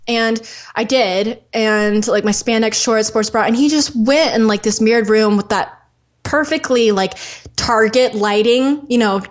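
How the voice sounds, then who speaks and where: A woman guest on a podcast talks through a personal story in a candid, unguarded way. Her voice sits a little on the high side, and she leans on "like" as she speaks. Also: a little slow. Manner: candid, frank, fills speech with "like". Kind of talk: telling a personal story in conversation.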